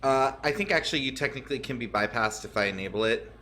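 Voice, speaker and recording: A man's voice: mid-range voice, lively intonation, fast talker, sharp tone, slight background noise. A man hosting a live stream, chatting casually and teasing his co-host with jokes and frequent laughs. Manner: teasing, joking, laughs often.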